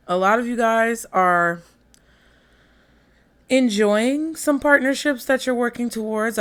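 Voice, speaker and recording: A woman, chatting casually through a tarot reading and talking straight to her viewers. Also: mid-range voice. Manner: chatty, laughs often, addresses viewers as y'all and child. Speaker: tarot reader.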